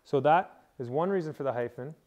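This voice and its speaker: A man's voice: fairly high pitch, fairly quick, darkish tone, muffled recording. Guy teaching a small class, patient, keeps asking "right?" to check everyone follows. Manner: patient, explains step by step and checks understanding. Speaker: language teacher. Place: indoor camp teaching session.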